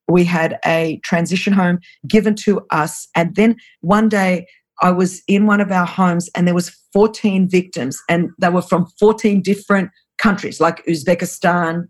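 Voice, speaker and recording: Brief: earnest, urgent woman in her fifties, interview storytelling, stresses phrases by repeating them. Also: lowish voice. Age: 50s. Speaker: anti-trafficking ministry leader.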